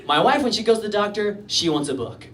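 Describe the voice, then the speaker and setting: A man's voice: high-pitched, big pitch swings, quick pace, fairly bright tone. A young man from England doing a rambling, self-deprecating stand-up comedy set on a club stage. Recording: distant live stand-up recording with audience laughter.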